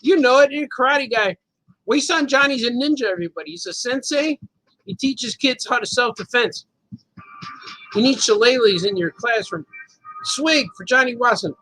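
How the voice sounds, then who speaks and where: A man's voice: very high voice, moderate pace, pushed and bright, low-quality recording. A man hosting a live show, chatting casually and rambling from joke to joke, laughing often as he reads viewer comments. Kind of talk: casual live-stream chat.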